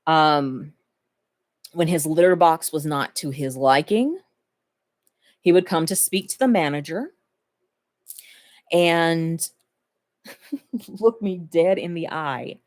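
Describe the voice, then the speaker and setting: Low-voiced woman, tender and chatty. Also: takes it slowly, pauses often, a little mellow. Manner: conversational, laughs between thoughts, tender. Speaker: vlogger. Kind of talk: casual reflective monologue.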